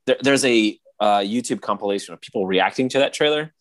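Casting: lower-pitched man, casual podcast co-host, rambly and excitable. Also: a little fast. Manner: rambling, filler-heavy, excitable retelling. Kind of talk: casual chat.

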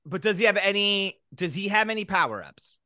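Bright, animated podcast co-host. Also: medium pitch, brisk, dry recording, studio quality. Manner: rambling, restarts, slips into mock voices. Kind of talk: casual chat.

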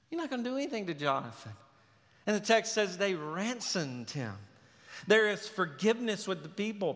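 A high-voiced man preaches with a bright, forceful tone and acts out the story in sarcastic voices. His voice rings with long reverb through a large church hall. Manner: animated, acts out biblical characters with sarcastic voices. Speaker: pastor. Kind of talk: sermon.

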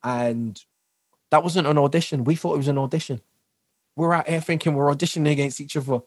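A man guest on a podcast, telling lively stories, acting out what people said and laughing often. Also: fairly high pitch, brisk, breathy edge, no echo. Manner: animated storyteller who acts out quotes and laughs often. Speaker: guest, dancer, singer and actor. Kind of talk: casual interview chat.

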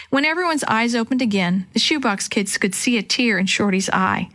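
A woman reading a children's storybook aloud in a gentle, even narration. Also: a little high, normal speed, few pauses.

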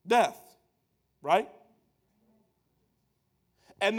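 A man preaching a sermon, emphatic and playful, swelling to loud lines. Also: sits high, a little slow, long pauses. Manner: emphatic, building to loud punchlines, playful asides.

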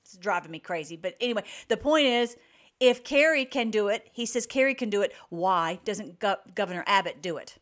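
A woman hosting an online show, giving emphatic, rapid-fire political commentary between video clips. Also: mid-range voice, animated, fairly bright tone.

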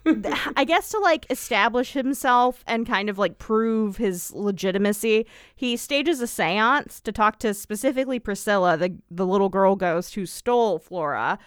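Smooth-voiced woman recapping casually. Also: mid-range voice, expressive, moderate pace, no room sound, studio quality. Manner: rambling, frequent ums, playful asides. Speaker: podcast co-host. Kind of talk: casual chat recapping a TV episode.

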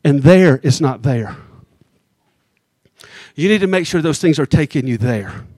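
Male pastor, high-ish voice, conversational sermon delivery with slow emphatic beats, dry close recording. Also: animated, warm tone, slightly rough, dry recording. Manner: conversational preaching, teasing the congregation, slows down for emphasis.

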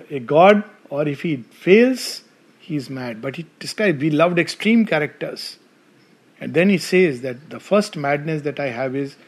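Before a gathered audience, an Indian English spiritual speaker delivers an animated devotional talk. His voice sits fairly high as he tells stories, and he keeps turning to his listeners with questions.

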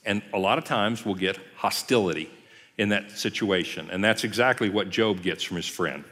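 A man's voice: fairly low pitch, moderate pace. A man preaching a conversational sermon as pastor, who briefly acts out the people he quotes. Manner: lively, acts out quoted voices. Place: church sanctuary. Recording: long church hall reverb.

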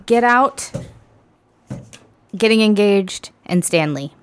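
A woman's voice: medium pitch, expressive, takes it slowly, clear, resonant tone. A woman guesting on a casual comedy podcast, giving short, hesitant replies. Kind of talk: casual chat.

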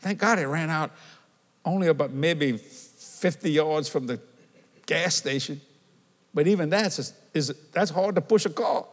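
A man's voice: fairly high pitch, moderate pace, slightly rough. An older man preaching a sermon, telling stories animatedly and asking the congregation questions. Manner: animated storytelling, calls and responses with the congregation. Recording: long hall reverb.

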